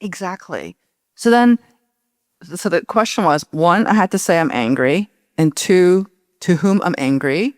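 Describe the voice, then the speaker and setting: Woman author, guest on a stage talk; animated, personal, smooth and clean on a dry mic. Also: lowish voice, measured pace, no room sound. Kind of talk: onstage public conversation. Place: indoor event stage.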